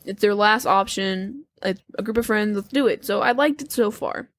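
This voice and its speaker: A woman's voice: mid-range voice, moderate pace, no echo. Chatty woman giving movie opinions, dry sound. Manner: chatty, gives opinions with likes and I-thinks. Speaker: podcast co-host. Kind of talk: casual movie review chat.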